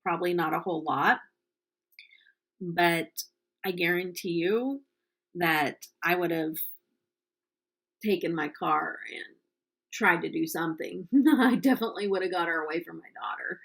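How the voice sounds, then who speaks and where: A woman's voice: lowish voice, unhurried, vocal fry, pauses often, fairly bright tone. A middle-aged woman from the United States chatting casually while doing her makeup, telling a story with lots of ums. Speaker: makeup vlogger.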